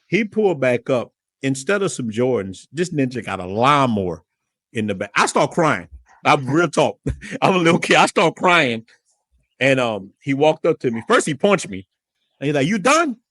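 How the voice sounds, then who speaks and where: A man speaks as a podcast guest, telling a story from his own life in a lively, casual way and doubling back on his words. His voice sits at an ordinary middle pitch. The sound is dry and close, with no room echo. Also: moderate pace. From New Orleans area, USA. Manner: animated, repeats words while telling a story.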